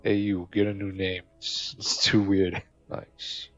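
A man's voice: deep voice, flat delivery, takes it slowly, muffled recording, soft background music. A man giving casual, joking gameplay commentary, swearing and talking back to game characters. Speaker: gamer.

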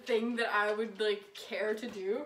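A woman's voice: medium pitch, fairly even intonation, unhurried, a little hiss or hum. Rambling young American woman vlogging. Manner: rambling, filler-heavy, laughs often. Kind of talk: casual vlog chat. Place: home, indoors. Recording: echoey room, mic at a distance.

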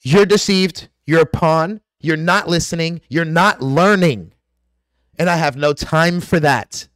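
A man's voice: fairly high pitch, measured pace, a bit bright, no room sound, clean studio sound. A man delivering an aggressive, profane, preachy rant straight to his viewers as a vlogger. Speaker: conspiracy vlogger. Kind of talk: ranting monologue to camera.

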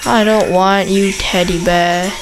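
A woman giving casual, excitable commentary while playing a zombie shooter game, chattering at the game and the enemies. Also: medium pitch, slow pace, over music, poor audio. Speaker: gameplay commentator.

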